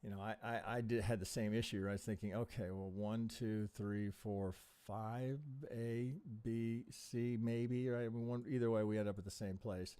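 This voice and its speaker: On a live stream chart review, a trading analyst speaks at normal speed with few pauses, his lowish voice smooth, mellow, and fairly even in intonation. Thinking aloud, he raises rhetorical questions and mutters frustrated swearing under his breath.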